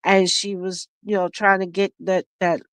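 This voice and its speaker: A woman's voice: medium pitch, flat delivery, moderate pace, a bit bright, no room sound, rough recording. A woman hosting a casual beading stream, telling a family story with lots of laughter and restarts. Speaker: craft livestream host. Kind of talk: casual chat while beading.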